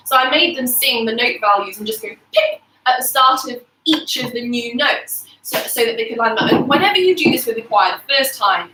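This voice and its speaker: Young woman choir director, chatty and explanatory, slightly high voice, recorded from across an echoey kitchen. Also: pushed and bright. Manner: chatty, explanatory, laughs often. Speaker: artistic director, choir leader. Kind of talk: casual chat on a livestream. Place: home kitchen. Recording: echoey kitchen, mic far off, clear background noise.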